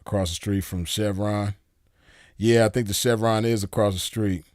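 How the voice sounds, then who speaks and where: A man in his forties hosts a show, chatting casually with viewers and telling rambling, slangy stories while laughing easily. His voice is lowish and a little mellow, with fairly even intonation at a normal speed. The recording is dry and clean, with studio sound.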